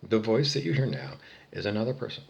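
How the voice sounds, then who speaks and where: A man delivers a furious, profane solo rant to the camera. His voice sits low but swings widely in pitch, dropping to mutters and then bursting into shouts. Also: big pitch swings, fast, gravelly, breathy edge, highs cut off. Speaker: vlogger.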